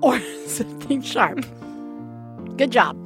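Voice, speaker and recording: A woman's voice: slow pace, music in the background. A woman in her thirties co-hosting a podcast, chatting casually and acting out her own stories. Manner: animated storyteller, acts out her own shrill yelling. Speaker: podcast co-host. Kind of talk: casual chat.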